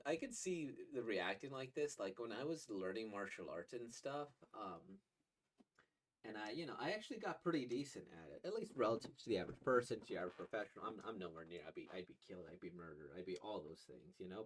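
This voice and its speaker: A young man casually reacting to a manga, rambling with many restarts and short laughs. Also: on the low side.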